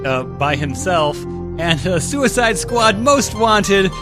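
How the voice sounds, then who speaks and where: A man's voice: sits high, big pitch swings, takes it slowly, over music. A man co-hosting a podcast, chatting casually with playful jokes. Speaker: podcast co-host. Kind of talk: casual chat.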